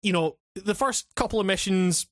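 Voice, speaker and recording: A man's voice: sits high, moderate pace, a bit bright, no echo, studio quality. A man chatting casually on a podcast, rambling and swearing, full of restarts, fillers and laughs. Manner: laughs often while talking. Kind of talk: casual chat.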